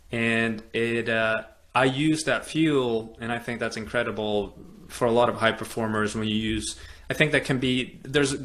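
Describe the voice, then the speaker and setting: A man from Europe hosting a podcast, telling a personal story in an animated way and acting out the other people's lines. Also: medium pitch, measured pace, slight background noise. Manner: animated storyteller, acts out quoted dialogue, many fillers. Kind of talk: storytelling in casual conversation.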